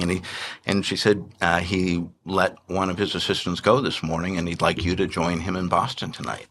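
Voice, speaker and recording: A man in his sixties, telling stories as an interview guest, animated, often laughing and restarting his sentences. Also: low voice, a little hiss or hum. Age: 60s. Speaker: investment manager and podcast guest. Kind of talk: anecdotal interview storytelling.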